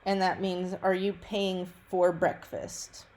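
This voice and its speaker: A woman teaching a recorded language lesson over slides, relaxed and careful, with frequent ums and small self-corrections. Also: lowish voice, slow pace. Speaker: Italian teacher.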